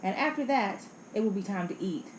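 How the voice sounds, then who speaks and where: A woman reading aloud and voicing a busy mother who calmly puts off her child. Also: medium pitch, fairly quick, echoey room, a little hiss or hum, natural voice. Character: busy mother braiding hair, calm.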